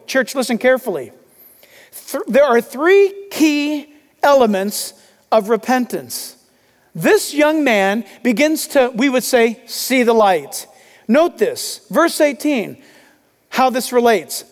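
A man preaching a sermon as pastor, emphatic and urgent, calling out loudly to his listeners. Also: very high-pitched, expressive, a little slow, long reverb tail.

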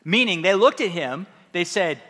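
A man preaching in a church hall, his fairly high voice bright and forward. He keeps the sermon loose and conversational, poking fun at himself with easy humor. A long reverb trails each phrase through the room. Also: lively intonation, moderate pace. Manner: conversational and self-deprecating, with humor. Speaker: pastor.

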